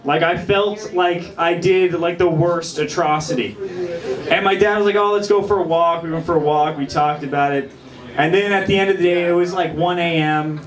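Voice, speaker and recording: A man's voice: on the high side, fairly even intonation, normal speed. A young man doing a rambling, self-deprecating stand-up set in a small bar. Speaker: stand-up comedian. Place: small bar with live crowd. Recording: echoey room, crowd noise.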